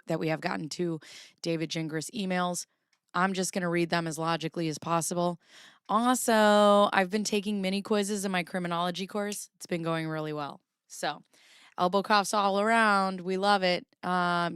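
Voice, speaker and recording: A woman's voice: lowish voice, a bit bright, clean tone, no echo, clean studio sound. Chatty woman hosting a livestream. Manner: chatty and rambling, swears casually. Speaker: livestream host. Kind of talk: casual livestream chat.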